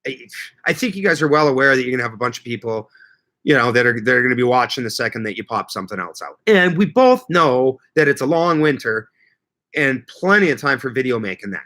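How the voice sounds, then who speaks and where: A man's voice: medium pitch, lively intonation, quick pace, bright, forceful tone. A man hosting a casual gardening livestream, rambling and joking as he reads viewer comments aloud. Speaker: livestream host. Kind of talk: casual live chat with viewers.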